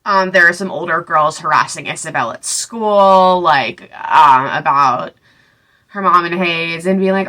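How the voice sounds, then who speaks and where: A woman's voice: fairly low pitch, a little slow, bright, forceful tone. A young woman casually recapping a novel she read, rambling with lots of fillers and sarcastic asides. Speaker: book reviewer.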